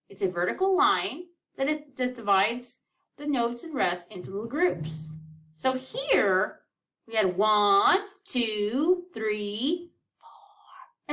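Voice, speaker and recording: A woman's voice: fairly high pitch, fairly bright tone, recorded from a distance. A woman teaching a children's music lesson, counting beats aloud in an upbeat, encouraging way.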